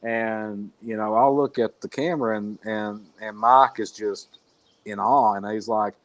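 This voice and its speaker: A man's voice: fairly low pitch, steady tone, measured pace, no room sound. A man telling a long story as a podcast guest over a remote call, talking bluntly with a rambling flow and the odd swear word. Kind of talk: casual storytelling interview.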